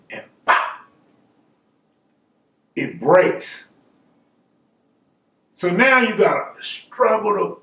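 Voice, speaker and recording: A man's voice: high voice, bright, forceful tone, echoey room, far from the mic. A man telling a personal neighborhood story in a laid-back, slangy way, acting out the quoted dialogue. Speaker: storyteller host. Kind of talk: casual storytelling.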